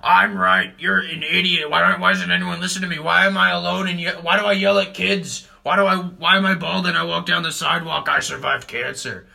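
A young man putting on a furious old bald man, bellowing in a pitch pushed well above his own and rasping with bitterness. The old man sounds self-pitying and lonely even while he shouts. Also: fairly quick, hardly any pauses, heavily acted. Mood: angry yelling. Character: angry bald old man yelling at smokers.

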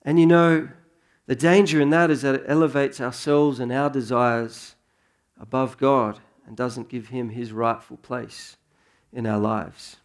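A man in his thirties preaching a sermon in a relaxed, conversational way that rises into earnest emphasis. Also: medium pitch, unhurried. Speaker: pastor.

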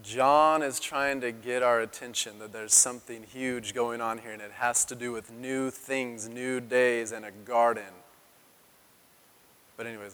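A man in his thirties preaching a sermon as a pastor, telling the story in an animated way and acting out the quotes in a raised voice. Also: medium pitch. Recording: long hall reverb.

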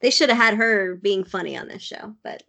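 A woman's voice: mid-range voice, brisk, vocal fry, bright, forceful tone. A woman co-hosting a podcast in casual chat, with dry, wry humor. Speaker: podcast co-host.

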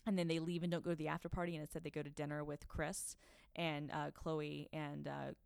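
Fast-talking young woman, low voice. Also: level tone, creaky, a little mellow, smooth, dry recording, studio quality. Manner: chatty, fast, lots of likes and ums, gossipy retelling. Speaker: podcast co-host. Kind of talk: casual chat.

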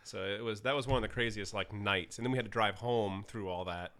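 A man's voice: fairly low pitch, brisk, fairly bright tone. Self-deprecating man telling anecdotes. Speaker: interview guest. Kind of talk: casual interview.

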